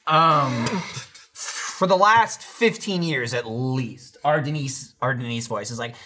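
A man's voice: mid-range voice, slow. A man who regularly appears on the podcast, telling stories in a casual chat. He swears constantly and slips into impressions of other people. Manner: animated storyteller, swears a lot, does voices.

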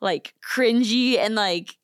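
A young woman co-hosts a podcast in a studio, chatting casually, giggling, and leaning heavily on "like" as a filler. Her voice is on the high side and she takes it slowly, with a dry, clean studio sound.

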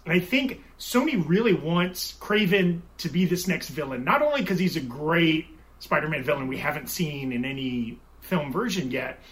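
A man's voice: high-pitched, fairly bright tone. A man, a show producer, talking through a theory in casual panel chat and often checking in with "right?". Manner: chatty, keeps adding "right?".

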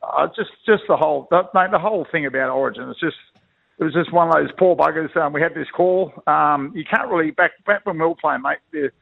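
On a dry, tinny telephone line, a middle-aged Australian man who used to play rugby league rambles through slangy stories as a guest in a casual radio interview, often restarting like a blokey storyteller. His voice sits on the high side, a little fast and creaky.

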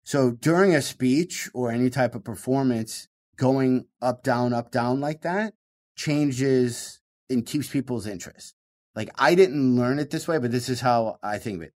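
A man with a Michigan accent, a stand-up comedian talking fast and animatedly in an interview, swinging his voice up and down to show his points. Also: mid-range voice, a little mellow. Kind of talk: casual interview talk.

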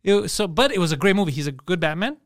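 A man chatting casually as a podcast co-host, an animated storyteller who rambles with restarts. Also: sits high, fast, no echo, studio quality. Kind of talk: casual chat.

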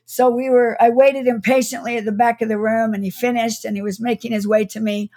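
Higher-voiced woman telling a childhood story. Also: level tone, fairly quick. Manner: warm, reflective, with soft laughs and restarts. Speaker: guest author. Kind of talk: storytelling in an interview.

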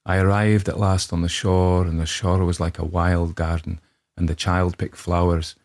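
A man's voice: sits low, flat delivery, normal speed, a little mellow. A man reading a ghost story aloud as a grave first-person narrator, putting on a Scottish accent. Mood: sombre. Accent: put-on Scottish. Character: brooding Scottish man telling his tale.

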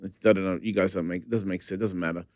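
A man's voice: low-pitched, rapid-fire, dry recording, studio quality. A man telling a chaotic story in casual chat, swearing freely and laughing as he goes. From Australia. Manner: animated, profane, laughing storyteller.

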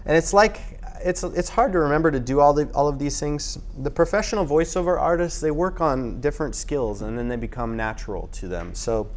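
A man's voice: fairly high pitch, a little fast, few pauses. A man teaching voiceover tips in a loose, casual talk with restarts.

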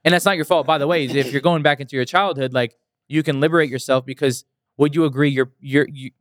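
Young male motivational speaker, earnest and emphatic, smooth resonant voice, dry close mic. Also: medium pitch, steady tone, fast, no room sound. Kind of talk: casual interview storytelling.

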